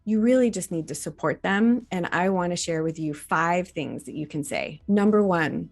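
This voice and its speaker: A woman doctor in her forties, giving an educational talk to camera in an earnest, gently instructive way. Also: lowish voice, normal speed, vocal fry, few pauses, soft background music. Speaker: reproductive endocrinologist.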